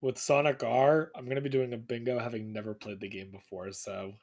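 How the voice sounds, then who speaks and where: A man chatting on a stream, excitable and joking. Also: medium pitch, fairly quick. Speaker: commentator. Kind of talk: casual stream chat.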